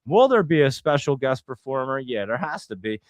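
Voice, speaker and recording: A man's voice: mid-range voice, very animated, normal speed, no echo, studio quality. A young man hosting a casual livestream, rambling and thinking aloud as he talks to viewers. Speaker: host.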